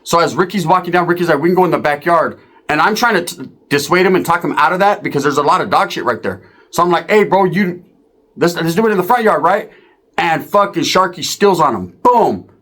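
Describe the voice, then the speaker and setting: The voice is fairly high and the delivery brisk: a man spinning a profane street yarn. He's full of energy, curses often, and plays the other people's parts out loud.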